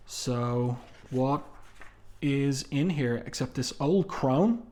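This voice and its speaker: A man's voice: mid-range voice, takes it slowly, dark tone. A man talking casually through a comic book review, reading quotes from the panels aloud, with frequent fillers and asides.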